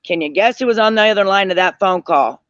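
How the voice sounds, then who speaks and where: High-voiced tired man telling gossip. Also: fast talker, a bit bright, clean tone, no echo. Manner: rambling, circles back, retells quotes. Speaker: livestream panel guest. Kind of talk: casual gossip storytelling. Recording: dull lo-fi dry audio.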